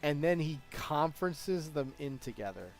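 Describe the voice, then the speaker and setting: A man's voice: a little high, sing-song, normal speed, soft background music. A young man in a casual live stream chat, telling long stories with many fillers and bursts of laughter. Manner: rambling storyteller with lots of laughter and fillers.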